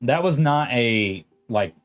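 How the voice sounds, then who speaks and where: A man's voice: medium pitch, lively intonation, takes it slowly, faint music behind. A man in his late twenties chatting casually on a livestream, rambling and reading viewer comments aloud. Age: late 20s. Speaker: streamer host.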